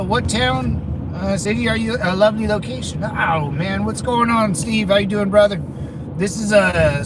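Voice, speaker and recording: A man's voice: high voice, noisy background. A man rambling casually to his viewers as he drives, with lots of restarts and crude asides. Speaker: channel host chatting with viewers. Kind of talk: casual livestream chat while driving. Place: inside a car, driving around town.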